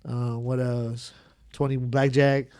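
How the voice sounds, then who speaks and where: A man's voice: medium pitch, flat delivery, slow pace, darkish tone, smooth. A man, a podcast guest telling casual stories in slangy, profane talk and acting out other people's lines. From Southern California. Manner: slangy, profane, laughs through his stories. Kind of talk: casual storytelling.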